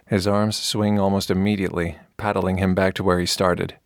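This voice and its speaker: A man narrating an audiobook in an even, measured storytelling way, with a gravelly voice. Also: sits low, dry recording, clean studio sound.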